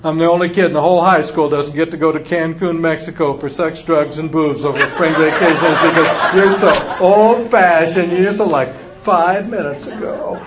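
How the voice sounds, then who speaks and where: A man's voice: very high-pitched, level tone, drawn-out words, pitched above the performer's own voice, full character voice. A man voicing a whiny, sarcastic teenage kid arguing with a parent, heard on a dull lo-fi recording. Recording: dull lo-fi recording with faint noise.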